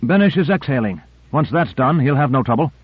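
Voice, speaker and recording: A man voicing a calm, reassuring male officer, on a narrow-band tape recording. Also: mid-range voice, brisk, breathy edge, no echo.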